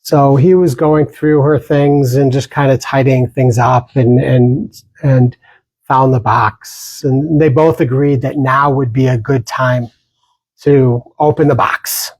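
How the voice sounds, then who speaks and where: A man leads a dharma talk as a meditation teacher, speaking very slowly and gently. His voice is husky and a little breathy, and he pauses often and restarts phrases softly. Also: medium pitch, fairly even intonation, dry recording, rough recording. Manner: slow, gentle, pausing, with small restarts.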